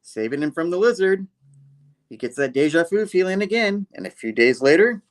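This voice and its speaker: A man's voice: sits high, animated, normal speed. A man co-hosting a casual comic book review, retelling the story animatedly and laughing often. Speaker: co-host.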